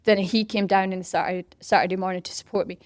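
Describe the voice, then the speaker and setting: A middle-aged woman in an interview who tells her story with lots of animation. She slips into other people's voices and lowers to a whisper for effect. Her voice sits at an ordinary middle pitch, and the recording is close and dry. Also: little pitch movement, quick pace, dry recording. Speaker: interview guest, parkrun organiser. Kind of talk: casual storytelling.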